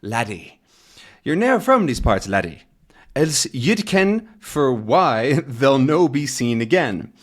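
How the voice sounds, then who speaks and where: A man's voice: medium pitch, sing-song, slow pace. A man voicing an ominous old Scottish villager in a pub, speaking in a thick brogue with a cackling edge.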